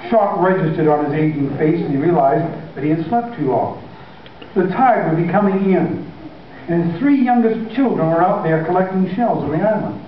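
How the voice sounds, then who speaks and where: A man's voice: on the high side, expressive, normal speed, slight background noise. A man preaching an impassioned, emphatic sermon, using repeated phrases to drive his points home. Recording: echoey hall from far off, dull.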